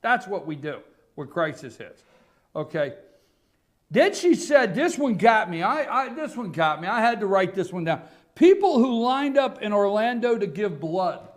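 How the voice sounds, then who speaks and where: A man hosting a morning talk show, ranting sarcastically and loudly about politics. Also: high-pitched, very animated, unhurried. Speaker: radio talk show host. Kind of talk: political commentary monologue.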